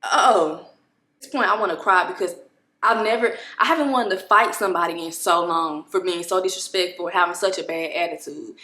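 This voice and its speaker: A woman vlogger at home, telling a story to camera in an expressive, exasperated way, with many restarts. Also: fairly low pitch, a little fast, reverberant. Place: home apartment room.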